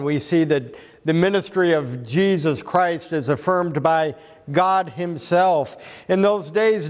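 A man preaching a sermon as pastor, earnest and building to emphatic climaxes. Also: sits high. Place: church sanctuary. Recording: long reverb of a church hall.

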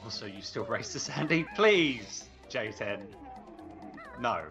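A man's voice: mid-range voice, lively intonation, slow pace. A British man co-hosting a let's play, bantering and humming nonsense tunes while he plays. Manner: bantering, hums and sings nonsense while playing. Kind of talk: casual gaming commentary. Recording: dull lo-fi with game music.

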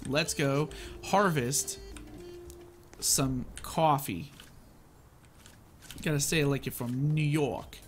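A man giving casual, excitable commentary as he plays a video game and narrates his own moves. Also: on the high side, slow, pauses often, faint music behind. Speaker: gaming channel host.

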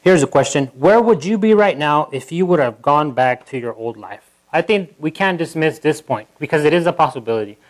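A pastor giving a sermon in church, talking in a loose conversational way with asides to the congregation and acting out quotes. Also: male voice, on the high side, fairly quick, rough recording. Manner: animated, acting out quotes in a livelier voice.

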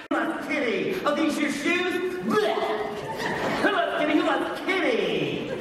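A man doing a stand-up tribute show as a famous comedian, switching voices rapidly while bantering with the crowd. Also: very high-pitched, recorded from a distance. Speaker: stand-up impersonator. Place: live comedy venue with audience. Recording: echoey live hall recording from afar, crowd noise.

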